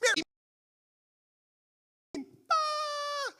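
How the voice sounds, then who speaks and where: A man's voice: very high-pitched, big pitch swings, racing, pushed and bright, breathy edge, pitched above the performer's own voice, heavily acted. A man voicing a group of terrified women shrieking in panic at a tomb. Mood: screaming. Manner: panicked screaming.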